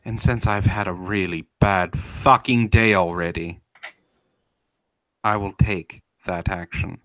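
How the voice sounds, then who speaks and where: A man's voice: sits low, slow, fairly bright tone. A man hosting a live stream, ranting in a confrontational, taunting way and answering chat, admitting he is getting heated.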